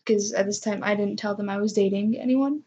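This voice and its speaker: A woman's voice: mid-range voice, fairly quick, dark tone, breathy edge, lo-fi sound. A young woman casually telling a personal story, self-mocking and acting out what others said. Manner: chatty, self-mocking, acts out quoted voices.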